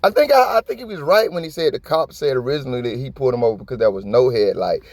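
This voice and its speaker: A man's voice: medium pitch, animated, fast, no room sound. A man giving blunt, profane, impassioned reaction commentary in a slangy, conversational way. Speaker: video commentator.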